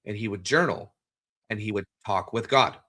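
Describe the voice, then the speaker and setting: A man interviewing a guest, telling a reflective anecdote in a measured, conversational way. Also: fairly low pitch, bright, forceful tone.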